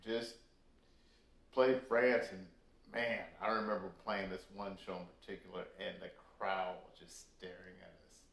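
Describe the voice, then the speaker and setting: A man in an interview telling stories from touring, animated and full of fillers. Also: deep voice, unhurried. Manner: animated storyteller, many fillers. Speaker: guest musician. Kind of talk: casual storytelling interview. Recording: echoey room.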